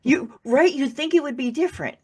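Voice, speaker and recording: A woman's voice: high-pitched, fairly quick. A woman who is an author and podcast guest, candidly telling a personal story and swearing freely. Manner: candid, swears freely, laughs through hard moments. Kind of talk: emotional personal storytelling in conversation.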